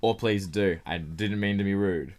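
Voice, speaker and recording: Young male co-host with a lower voice, dry and teasing in casual banter. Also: normal speed, a little mellow. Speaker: podcast co-host. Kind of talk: casual chat.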